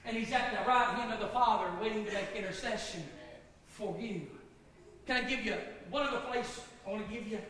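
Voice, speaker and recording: A man preaching a sermon in a church, building to shouted fervor and calling to the congregation. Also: high voice, a little hiss or hum. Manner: rising into shouted fervor, call-and-response. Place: church sanctuary. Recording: echoey hall, distant mic.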